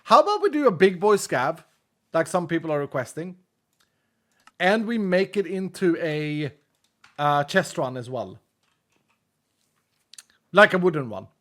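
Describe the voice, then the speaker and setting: A man's voice: fairly high pitch, big pitch swings, a little slow, long pauses, a bit bright. Chatty streamer man with an accent. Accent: non-native English. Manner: chatty, reads chat aloud, laughs often. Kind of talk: casual live-stream chat.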